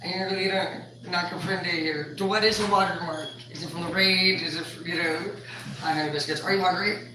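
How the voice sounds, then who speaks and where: A woman's voice: lowish voice, steady tone, fairly quick, far from the mic. A talkative woman rambles through a casual cooking vlog, swearing and laughing easily and leaning on "like" at every turn. She sits well back from the mic in a very echoey room. Household noise runs underneath. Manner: chatty, laughs often, swears casually, many "like" fillers. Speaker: vlogger. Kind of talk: casual chat while cooking.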